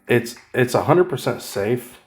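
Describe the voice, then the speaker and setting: A man's voice: mid-range voice, lively intonation, unhurried. A man casually talking through his mobile game progress, rambling and correcting himself with wry asides. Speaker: gaming channel host. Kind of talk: casual gameplay commentary.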